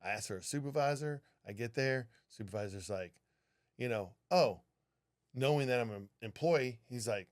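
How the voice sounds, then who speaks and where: A man co-hosting a podcast, telling a story in casual, animated talk with a lot of swearing. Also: mid-range voice, normal speed. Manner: animated, profane, acts out what people said. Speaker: podcast co-host, flight attendant.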